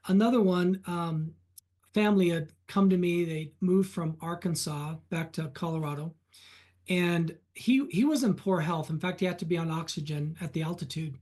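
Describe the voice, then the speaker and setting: A man being interviewed on a podcast as a reverse mortgage specialist, telling client stories in an animated way. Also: a little high, normal speed. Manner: animated anecdotes, retelling client conversations.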